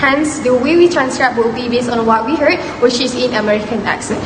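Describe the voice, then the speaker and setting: A woman's voice: a little high, brisk. Young woman presenting in an echoey room. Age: young adult. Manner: reads a prepared script with slips. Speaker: student presenter. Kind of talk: class presentation on phonetics. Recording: echoey room with long reverb and noise.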